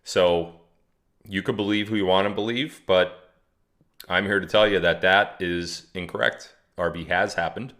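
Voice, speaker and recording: A man's voice: sits low, fairly even intonation, a little slow, fairly bright tone. A man hosting a casual livestream, talking to his chat in a chatty, mocking way and reading viewer comments aloud. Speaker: livestream host.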